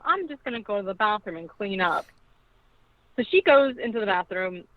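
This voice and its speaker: A woman's voice: mid-range voice, very animated, moderate pace, no echo. A woman casually recapping a film as a podcast co-host, chatty and full of "like", acting out the quoted lines. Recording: tinny phone-like line, dry.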